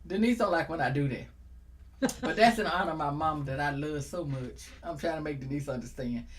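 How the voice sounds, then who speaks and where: A woman's voice: sits low, brisk. A middle-aged woman hosting a casual talk show, exuberant and joking, speaking. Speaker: host.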